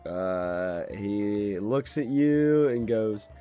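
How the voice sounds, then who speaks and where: A man's voice: on the low side, lively intonation, extremely slow, muffled recording, soft background music. A man narrating as game master in a laid-back way, chuckling and using many fillers.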